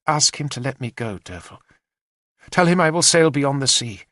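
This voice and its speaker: A man voicing a proud but broken queen who pleads softly and tearfully. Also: medium pitch, expressive, moderate pace, no room sound, studio quality, voice pushed up, lightly acted. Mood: pleading softly. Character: proud, heartbroken queen, a grown woman, fragile and pleading.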